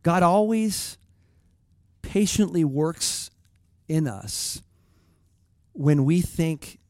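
A man's voice: fairly high pitch, expressive, extremely slow, warm tone, no echo, studio quality. A middle-aged man preaching a conversational sermon, reflective and plain, often restarting his phrases. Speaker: pastor.

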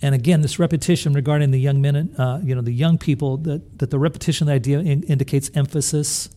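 A fast-talking pastor with a fairly high, mellow voice and steady tone preaches earnestly. He keeps throwing rhetorical questions at the congregation and repeatedly restarts and repeats words as he works through his thoughts.

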